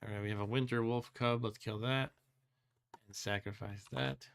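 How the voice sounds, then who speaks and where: A man's voice: lowish voice, steady tone, normal speed, gravelly. A man hosting a let's play, thinking aloud as he plays, musing and second-guessing himself with wry complaints and frequent chuckles. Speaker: host.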